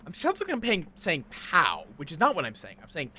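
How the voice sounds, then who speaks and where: A playful male game streamer rambles on, greeting his chat as he plays. His voice sits high and swoops up and down with a lively, animated range. The tone is bright and a little sharp. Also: a little fast, slight background noise. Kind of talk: casual live-stream chatter.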